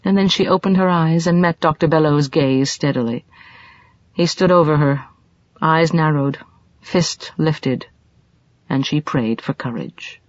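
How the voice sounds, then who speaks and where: A woman's voice: deep voice, a little slow, no echo. A woman narrating an audiobook in a scripted, dramatic reading with shifting emphasis, recorded in a dull lo-fi, dry way.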